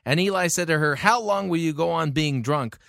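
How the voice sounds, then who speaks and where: A man's voice: fairly high pitch, fairly quick, gravelly, a bit bright, no echo, clean studio sound. A man reviewing a sermon, reading scripture aloud and answering the preacher with sarcastic, exasperated remarks. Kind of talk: critical commentary.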